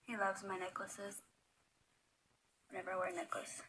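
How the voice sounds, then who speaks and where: A woman's voice: mid-range voice, monotone, normal speed, fairly bright tone, a little hiss or hum, low-quality recording. A young woman chatting casually at home while filming her pet monkey, coaxing it and laughing often. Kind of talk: casual chat. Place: home room.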